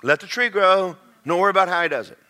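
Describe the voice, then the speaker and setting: A man preaches to his congregation. His voice is bright and a little high, and he talks in a loose, chatty way. He tells stories and hammers points home by repeating them. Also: fast. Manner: conversational preaching with storytelling and repetition. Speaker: pastor. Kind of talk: sermon.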